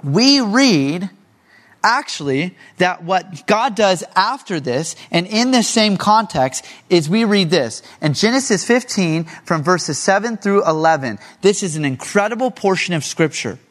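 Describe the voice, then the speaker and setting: A man's voice: sits high, expressive, a little slow, a bit bright. A male pastor preaching a sermon in a conversational way, asking many rhetorical questions.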